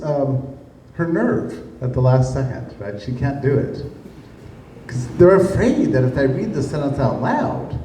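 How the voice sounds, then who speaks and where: Animated man lecturing in an echoey room. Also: mid-range voice. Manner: animated, acts out the people he quotes. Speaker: speaker giving a public talk. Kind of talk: storytelling lecture to a live audience. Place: room with an audience. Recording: echoey room, distant mic, faint ambience.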